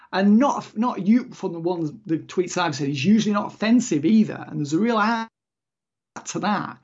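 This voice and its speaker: A man co-hosting a podcast, talking in an exasperated, rambling, emphatic way. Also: sits high. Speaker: podcast co-host. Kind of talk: casual chat. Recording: muffled lo-fi audio.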